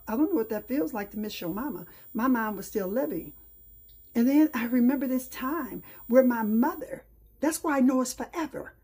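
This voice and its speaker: A middle-aged woman hosts her own talk show, sharing a personal story earnestly and reflectively, with pauses and restarts. Her voice is fairly high, warm, and a bit breathy.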